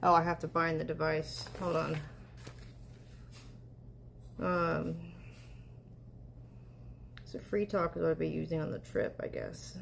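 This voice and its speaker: A woman's voice: deep voice, slow, vocal fry, pauses often, slight background noise. A woman live-streaming in a casual, chatty way, talking aloud as she tests an app.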